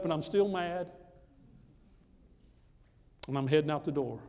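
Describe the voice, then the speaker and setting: A man's voice: fairly high pitch, expressive, unhurried, pauses often, a little mellow, in a large hall. A man from the United States telling a personal testimony in a storytelling sermon, emphatic and repeating phrases for effect. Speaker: preacher giving a testimony.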